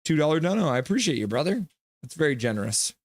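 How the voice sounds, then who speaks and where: A man hosting a live hockey reaction stream, reading chat messages aloud, joking and reacting loudly to goals. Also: fairly high pitch, fast, no echo. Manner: excitable, reads chat aloud and jokes.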